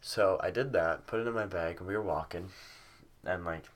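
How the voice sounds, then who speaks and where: Low-voiced young man rambling through a story. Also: normal speed. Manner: rambling, swears a lot, many fillers. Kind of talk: casual storytelling vlog. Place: at home with a cat nearby.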